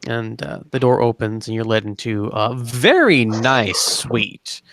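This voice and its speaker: A man's voice: mid-range voice, lively intonation, a little slow, fairly bright tone. A man running a tabletop game as game master, narrating scenes in a casual, rambling way with frequent fillers.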